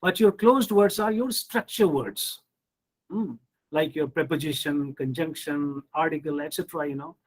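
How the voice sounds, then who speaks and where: A man's voice: a little high, moderate pace. A middle-aged man with an Indian English accent, a professor giving an online pronunciation lecture who explains rules and reads example sentences with exaggerated intonation.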